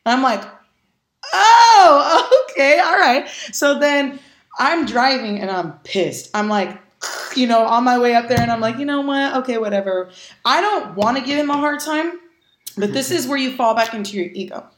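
A woman's voice: a little high, normal speed. A young adult woman, a podcast guest, telling casual stories with lots of laughing, swearing and acted-out dialogue. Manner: animated, acts out dialogue, swears freely, laughs often. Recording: echoey room.

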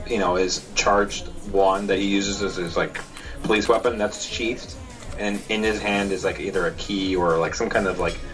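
A man describing his character's moves in a tabletop game, halting and restarting as he goes. His voice sits low, with faint music in the background. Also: a bit bright, rough recording. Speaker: player.

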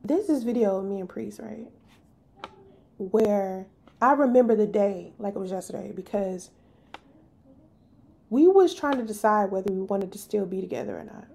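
A woman, hosting a podcast and telling a personal story in an animated, emphatic way. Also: mid-range voice, normal speed, gravelly, long pauses. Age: 30s. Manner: animated, emphatic, slips into voicing others. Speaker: podcast host.

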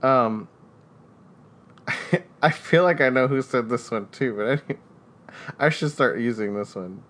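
A man's voice: mid-range voice, takes it slowly, long pauses, fairly bright tone. A man hosting a casual trivia game, who teases and laughs often. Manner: playful, teasing, laughs often. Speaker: quiz host.

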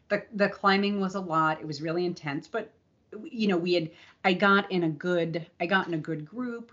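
A woman co-hosting a podcast, telling a personal race story in a candid, animated way with frequent restarts and laughter. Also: lowish voice, dull audio. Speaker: podcast co-host and endurance coach. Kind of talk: casual storytelling chat.

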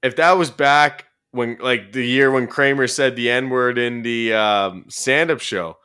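A man's voice: medium pitch, a little slow, smooth. A man hosting a podcast and chatting casually, telling stories loosely with plenty of swearing and sudden bursts of emphasis. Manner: loose and profane, animated storytelling with bursts of emphasis. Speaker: podcast host and commentary YouTuber.

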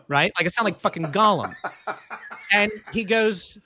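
A man guesting on a podcast, telling stories in an animated way, laughing often and acting out quotes. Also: high voice, a little slow, dry recording. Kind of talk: casual storytelling.

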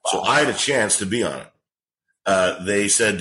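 A comedian in his forties, guesting on a podcast, tells rambling, profane stories in an animated, casual chat. His voice is lowish and his pace normal, and the recording sounds rough.

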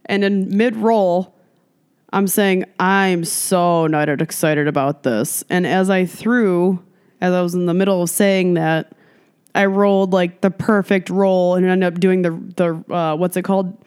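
A woman's voice: lowish voice, level tone, a little slow, a little mellow, smooth. Rowdy, laughing woman podcast co-host. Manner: profane, rowdy, laughs often. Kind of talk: casual chat.

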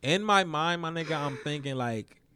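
A young man in casual chat, telling a story in an animated way and acting out the quotes. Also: normal speed, heavy background noise. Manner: animated storytelling, acts out quotes with sudden high-pitched squeals.

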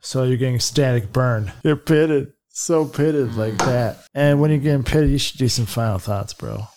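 A man's voice: medium pitch, moderate pace, background noise. A man in casual podcast chat, making offhand wisecracks.

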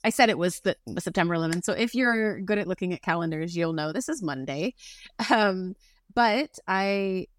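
A woman's voice: fairly low pitch, lively intonation, normal speed, a little hiss or hum. A young adult woman co-hosting a podcast in casual chat, bubbly and talkative, with lots of fillers. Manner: bubbly, chatty, heavy use of "like". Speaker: podcast co-host.

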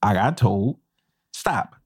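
Slow, creaky and slightly rough, this lowish male voice comes through a dry, clean studio recording. The speaker, a chef who co-hosts a podcast, animatedly recounts a foul-mouthed workplace tale, performing each quote as he goes.

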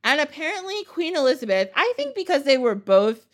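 A woman hosting a podcast, telling a story in a casual, animated way, laughing and swearing casually. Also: high-pitched, fairly quick. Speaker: podcast host.

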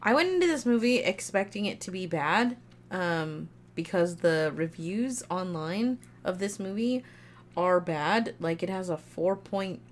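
A woman's voice: lowish voice, animated, measured pace, a little hiss or hum. Young female podcast co-host, candid and emphatic, casual film talk. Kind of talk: casual film review chat.

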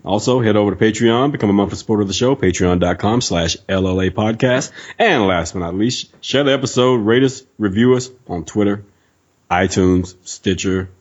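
A man's voice: on the low side, normal speed, lo-fi sound. A man co-hosting a podcast in casual chat, laid-back, laughing often and leaning on fillers. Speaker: podcast co-host.

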